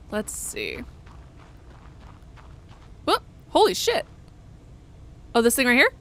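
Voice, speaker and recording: A woman's voice: a little high, very animated, extremely slow, long pauses, a bit bright, slight background noise. A woman streaming horror games live, chatting casually and cussing as she reacts. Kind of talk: live horror gameplay commentary.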